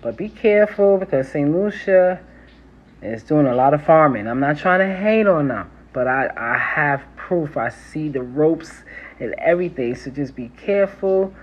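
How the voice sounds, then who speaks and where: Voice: mid-range voice, lively intonation, moderate pace. A herbalist from New York with a New York accent, chatting casually on a phone live stream, laughing often and calling the viewers y'all. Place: city home near a train line. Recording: slightly muffled with faint city noise. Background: faint trains and street sounds.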